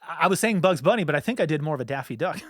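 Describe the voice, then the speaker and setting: Slightly high-voiced guy chatting casually on a podcast, swears a lot, rambles with fillers, dry studio sound. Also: expressive, no room sound. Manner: loose, swearing, lots of filler words and quick asides. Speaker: podcast co-host. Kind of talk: casual chat.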